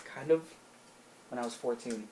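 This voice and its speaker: A man's voice: mid-range voice, moderate pace, warm tone, a little hiss or hum. A young man co-hosting a podcast, crudely telling a story in casual chat, laughing often. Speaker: podcast co-host.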